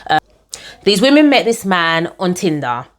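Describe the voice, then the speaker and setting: A young woman telling her own story to camera in a chatty, animated way, often calling her viewers guys. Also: fairly low pitch, unhurried.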